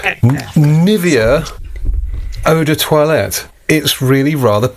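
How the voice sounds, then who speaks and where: A man's voice: fairly high pitch, lively intonation, slow pace. A man co-hosting a podcast, chatting casually in a jokey, sweary, rambling way. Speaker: podcast co-host. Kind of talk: casual chat.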